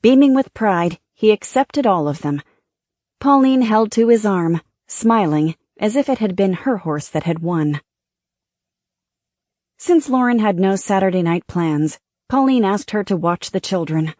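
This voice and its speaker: This audiobook narrator, a woman of medium pitch, keeps a steady, measured storytelling delivery. The studio audio is clean, with no room sound.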